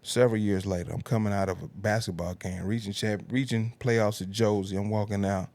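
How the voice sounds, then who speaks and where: A man, telling comic stories on a podcast with laughs and big pitch jumps. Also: fairly even intonation, brisk, darkish tone, no room sound. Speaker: comedian guest. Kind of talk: podcast storytelling.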